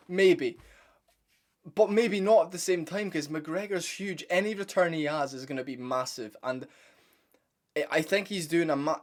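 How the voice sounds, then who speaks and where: Blunt, rambling young man host. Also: fairly high pitch. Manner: blunt, opinionated, rambling with restarts and casual swearing. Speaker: MMA commentary channel host. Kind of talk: casual opinion breakdown to camera.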